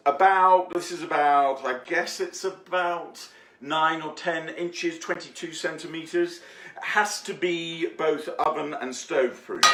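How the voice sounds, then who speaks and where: A man with a voice on the high side and a fairly bright tone gives a rambling, jokey cooking demonstration as a home baker in his own kitchen, using lots of fillers. The room is echoey.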